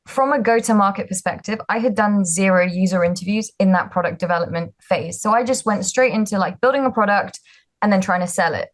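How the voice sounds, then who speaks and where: Chatty young woman founder. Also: mid-range voice. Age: 20s. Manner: chatty, frequent ums and likes, self-deprecating. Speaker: startup founder, guest. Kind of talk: casual interview storytelling.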